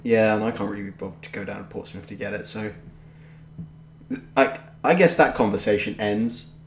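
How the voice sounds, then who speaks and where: A man's voice: on the low side, moderate pace, slight background noise. A young man, co-hosting a podcast in casual chat, rambling and offhand with a jokey way of talking. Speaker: podcast co-host. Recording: roomy echoey home recording.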